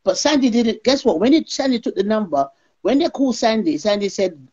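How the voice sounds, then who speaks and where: Animated storytelling woman. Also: a little high, a little fast. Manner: animated, acts out others' lines. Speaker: guest. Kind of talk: storytelling interview. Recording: lo-fi call audio.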